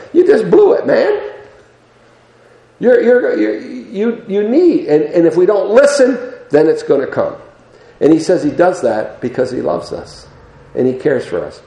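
A man's voice: on the high side, dark tone, reverberant, poor audio. A man in his seventies preaching a sermon, folksy and conversational with frequent restarts, and rising to emphatic exhortation. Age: 70s. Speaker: pastor.

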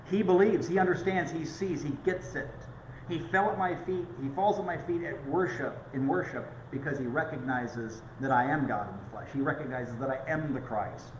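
A middle-aged pastor preaching a conversational sermon with stories. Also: male voice, a little high, moderate pace, a little hiss or hum. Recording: echoey room.

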